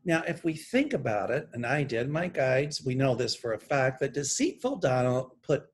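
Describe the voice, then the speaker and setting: A man's voice: medium pitch, very animated, slightly rough. A man working as a psychic, speaking straight to camera and reading channeled messages from his notes in an earnest, emphatic way. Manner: deliberate, pointed, emphatic political commentary. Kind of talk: earnest monologue read from notes.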